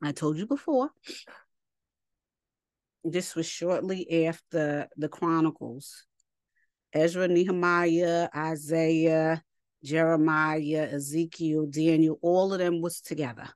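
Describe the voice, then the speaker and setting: A woman's voice: low voice, steady tone, takes it slowly, darkish tone, smooth, no room sound, studio quality. A woman teaching a scripture lesson in a chatty, colloquial way, reading passages and breaking off into asides. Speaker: Bible teacher.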